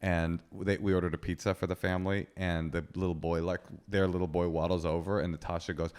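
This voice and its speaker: A man's voice: sits low, flat delivery, fast talker, hardly any pauses, a little mellow, smooth. A man co-hosting a podcast in casual, joking chat, swearing freely. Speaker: co-host.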